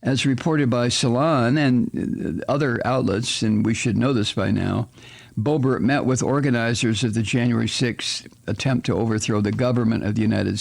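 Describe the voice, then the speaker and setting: A man's voice: medium pitch, vocal fry. A man hosting a political talk radio show, ranting angrily with lots of profanity and exasperated, sarcastic asides. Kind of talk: political commentary monologue.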